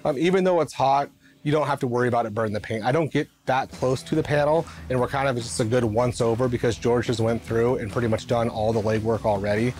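A man's voice: mid-range voice, fast, darkish tone, soft background music. Matter-of-fact shop painter man. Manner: matter-of-fact, explains steps plainly. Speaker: car painter and detailer at a restoration shop. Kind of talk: reality show interview and work commentary.

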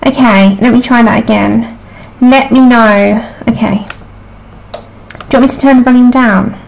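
Woman, high voice, unhurried pace, casual livestream chat, apologetic and chatty. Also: fairly even intonation, gravelly, darkish tone. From United Kingdom. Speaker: livestream host. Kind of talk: casual live stream chat.

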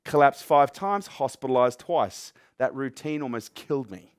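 A man's voice: medium pitch, lively intonation, moderate pace, dry recording, clean studio sound. A middle-aged man giving a motivational talk to a live audience. He talks emphatically, swears freely and throws questions at the crowd. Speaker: motivational speaker.

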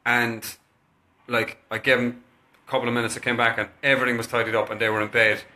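A man, chatting casually to camera and telling a story in a lively, animated way. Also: mid-range voice, fast talker. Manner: chatty, animated, acts out what he said to his kids. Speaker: kinesiologist recommending a parenting book.

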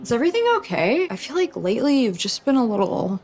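A woman's voice: a little high, sing-song, fast talker. An actress playing a young model who is caring and warns her sister to be careful, with music underneath. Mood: bright.

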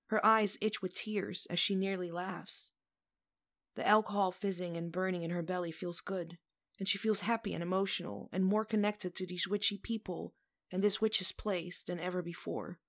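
A woman narrating a fan fiction story aloud in a gentle, measured way. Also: on the low side, steady tone. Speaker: audiobook reader.

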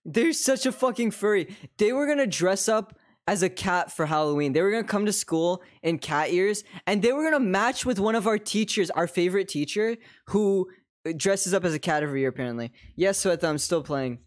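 A young man streaming a game and chatting casually, swearing a lot, giggling and breaking into excited bursts. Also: high-pitched, a little fast. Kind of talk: casual gameplay chat.

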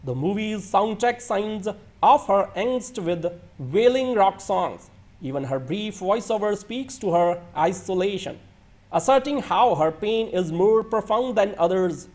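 A man's voice: high voice, expressive, measured pace. A man reading a film review aloud from a script, now and then stumbling and restarting a word. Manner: reads a written script with occasional stumbles and restarts.

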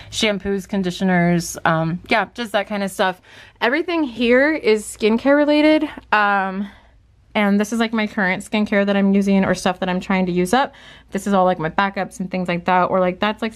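A young woman vlogging a casual tour of her small bedroom, candid and rambling, a bit out of breath, filmed on a handheld phone. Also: medium pitch. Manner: chatty and candid, rambling with fillers. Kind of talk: casual vlog room tour.

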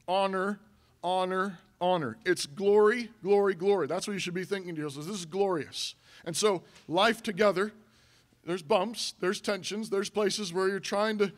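A man's voice: high-pitched, fairly bright tone. A middle-aged man, a pastor, preaching a conversational sermon to his congregation, repeating phrases and restarting lines as he goes. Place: church sanctuary.

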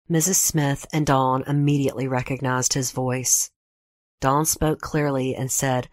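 A woman hosting a true crime podcast, giving a measured scripted narration and reading quotes in her own voice. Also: extremely low pitch, fairly even intonation, no echo, studio quality.

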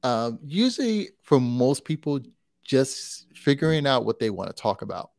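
A man talking casually as a photographer guest in an interview, relaxed and rambling, with lots of fillers and restarts. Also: mid-range voice, moderate pace, creaky, no echo, clean studio sound.

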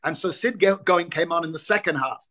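Lively Irish-born storyteller in his sixties. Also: a little high, fairly quick. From Ireland. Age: 60s. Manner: lively raconteur, acts out quoted voices, repeats words when reaching for them. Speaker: guest, former rugby player. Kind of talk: anecdotal interview storytelling.

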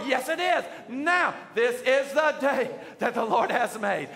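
High bright-voiced guy preaching, call and response, shouting bits, big church reverb. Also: expressive, measured pace, vocal fry, few pauses. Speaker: pastor. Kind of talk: sermon. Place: church sanctuary.

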